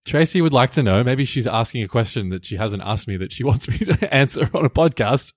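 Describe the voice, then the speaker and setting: A man co-hosting a podcast in casual chat, playful and quick to laugh. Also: medium pitch, animated, no room sound, studio quality. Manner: jokey, laughs often, playful teasing. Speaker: podcast co-host.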